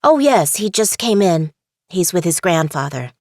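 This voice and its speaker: A woman playing a kindly care home staff member in an audiobook drama, speaking gently and sympathetically. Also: on the low side, big pitch swings, measured pace, dry recording, studio quality. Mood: sympathetic.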